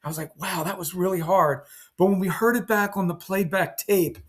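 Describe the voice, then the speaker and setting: An older man, a band's guitarist, casually telling rambling, animated anecdotes with sound effects while seated indoors. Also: sits high, moderate pace. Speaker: band guitarist. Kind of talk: casual storytelling to camera.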